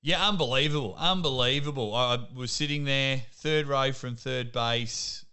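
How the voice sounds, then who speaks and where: A young Australian man, a sports commentator, chatting casually as a podcast guest and telling lively stories. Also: medium pitch, normal speed, smooth. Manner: lively storyteller, laughs at himself. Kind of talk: casual interview chat.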